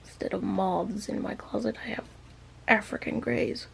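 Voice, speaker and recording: A woman's voice: mid-range voice, steady tone, moderate pace, creaky, slight background noise. A woman vlogger chatting playfully to her pet parrot in teasing baby-talk, laughing often.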